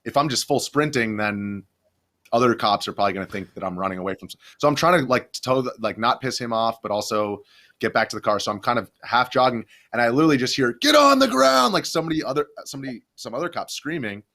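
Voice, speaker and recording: A man's voice: mid-range voice, fast, a bit bright. A young adult man, a video journalist, rambling through a story in a casual podcast interview, full of restarts and fillers.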